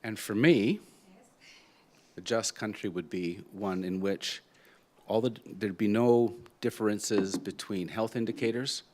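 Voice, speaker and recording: A man moderates a panel in a fairly low voice. He speaks in a measured, thoughtful way, working through his points one by one. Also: a little mellow.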